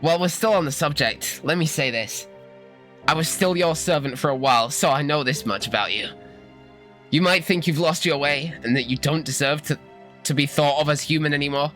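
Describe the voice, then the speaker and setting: A streamer voicing a remorseful male warrior servant, reading game dialogue aloud in a lowered, subdued voice. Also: brisk, fairly bright tone, soft background music, natural voice. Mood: rueful.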